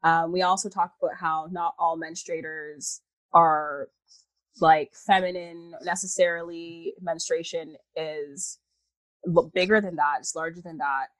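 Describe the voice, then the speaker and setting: A woman actor being interviewed over a video call, an animated storyteller who laughs and slips into voices. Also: on the low side, a little slow, no room sound, rough recording. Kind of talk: casual interview chat.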